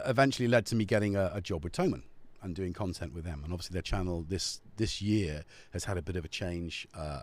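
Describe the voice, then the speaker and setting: A man's voice: low voice, darkish tone. A man hosting a casual live stream, joking and rambling off topic at a studio mic. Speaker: livestream host. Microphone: studio dynamic mic.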